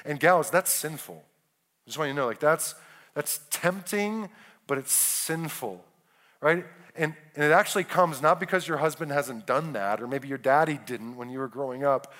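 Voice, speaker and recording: A man's voice: on the high side, a bit bright. A man preaching a sermon to married couples, earnest, often checking in with "right?" and restarting his phrases. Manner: earnest, keeps asking "right?" with quick restarts. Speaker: pastor.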